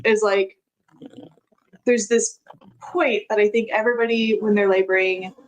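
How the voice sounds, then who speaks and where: Appearing as a podcast guest, a woman shares a personal story in a chatty manner, laughing frequently and using lots of filler words. Her medium-pitched voice is steady and unhurried, though the recording is rough.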